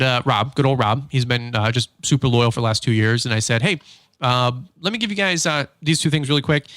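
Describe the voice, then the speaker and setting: A man hosts a podcast in an easygoing spoken monologue, his voice sitting in a middle range. He tells stories with energy and slips into lively quoted voices, with plenty of fillers and restarts. The sound is dry and close, with no room around it. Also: mid-range voice, dry recording. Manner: animated storytelling, acts out quotes. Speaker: podcast host. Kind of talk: casual monologue.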